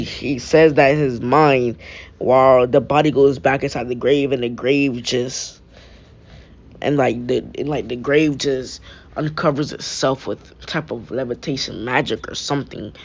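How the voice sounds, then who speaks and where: A man's voice: mid-range voice, steady tone, a little slow. A young man improvising a fan-fiction story, rambling with frequent restarts and filler phrases. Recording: dull lo-fi mic.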